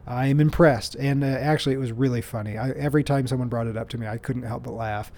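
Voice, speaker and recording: Man, podcast host, chatty, rambling, restarts a lot, self-mocking, mid-pitched voice. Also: fairly even intonation, quick pace, dark tone. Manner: playful self-deprecating humor. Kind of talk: casual solo storytelling.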